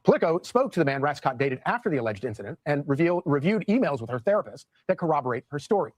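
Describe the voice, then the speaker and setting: A man delivers a news report at a fast clip, brisk and matter-of-fact. His voice sits a little high for a man, and the recording is dry and close. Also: big pitch swings, no echo.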